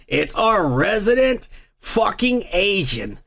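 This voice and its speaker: Gravelly, profane male podcast host. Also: a little high, animated, normal speed, a bit bright. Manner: profane, rambling, blunt. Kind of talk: casual chat reading viewer comments.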